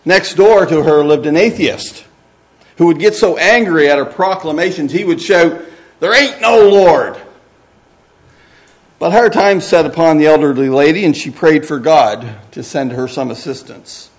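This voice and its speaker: A pastor delivering a sermon with an earnest, measured delivery. His voice sits a touch high for a man, and he often doubles words as he goes. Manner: earnest, repeats words as he speaks.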